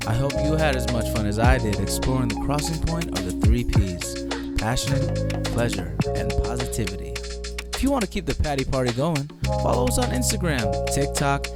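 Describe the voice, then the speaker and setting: A man reads a podcast outro from a script in an upbeat, promotional tone. His voice sits in a middle pitch. Loud music plays beneath him throughout. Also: very animated, fairly quick. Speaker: podcast host.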